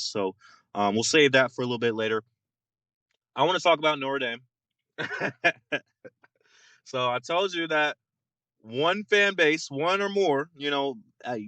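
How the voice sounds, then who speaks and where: A young man co-hosting a casual sports podcast, ranting in an animated, mocking way with lots of fillers and repeated words. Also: medium pitch, no echo. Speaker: podcast co-host.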